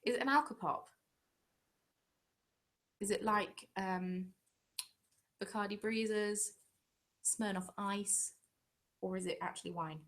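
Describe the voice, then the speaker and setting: A woman's voice: mid-range voice, slow, long pauses, fairly bright tone. A woman from England hosting a casual live-stream chat at home, answering viewer comments in a chatty, self-deprecating way. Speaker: craft channel host.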